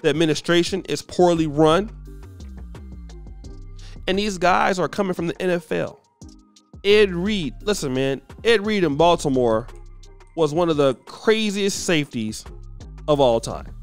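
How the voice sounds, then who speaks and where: Emphatic commentary host, high lively voice. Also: male voice, unhurried, long pauses, clean tone, soft background music. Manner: emphatic, repeats words, preachy. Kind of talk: casual commentary.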